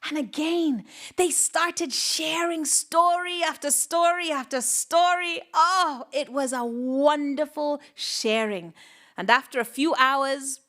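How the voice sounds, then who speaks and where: A woman storyteller telling a folktale live, dramatic and expressive, with sound effects and whispered asides. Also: high-pitched, slow pace.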